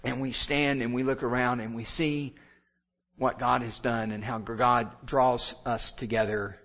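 A man preaching to his congregation in a steady mid-range voice. He builds his points through repeated phrases that rise and fall. The recording sounds muffled and lo-fi. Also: medium pitch, a little slow. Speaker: pastor. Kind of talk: sermon.

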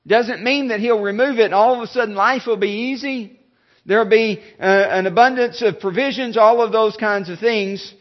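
A male pastor giving a sermon, halting, with many fillers and restarts. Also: high voice, dull audio.

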